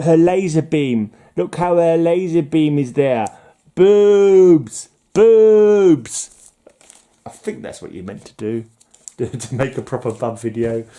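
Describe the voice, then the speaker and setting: A man's voice: fairly high pitch, warm tone. A man casually chatting about comic books on his channel, rambling and jokey with frequent giggles. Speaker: comic book collector vlogger. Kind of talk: casual chat.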